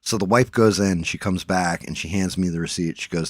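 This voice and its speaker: A man's voice: low voice, brisk, no echo, studio quality. A middle-aged man hosting a live stream, talking casually in a rambling, profane, joking way. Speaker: livestream host.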